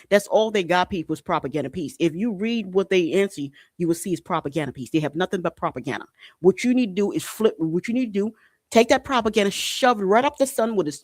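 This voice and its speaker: Man, podcast host, heated monologue, repeats himself, curses, fairly high voice, dry close sound. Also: dry recording. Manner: fiery and repetitive, swearing, drilling points home. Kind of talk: impassioned political commentary monologue.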